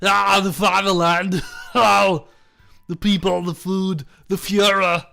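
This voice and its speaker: Fields: Figure: a bubbly young tank girl, played by a man. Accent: put-on German. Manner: giddy, gushing. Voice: bright, gravelly. Behind: faint music. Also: high-pitched, little pitch movement, takes it slowly, full character voice.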